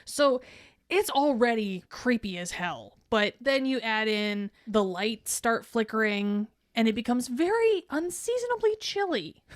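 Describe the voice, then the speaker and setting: A woman's voice: on the high side, animated, measured pace, no echo, studio quality. A woman co-hosting a podcast in casual, profane, laughing chat. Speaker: podcast co-host.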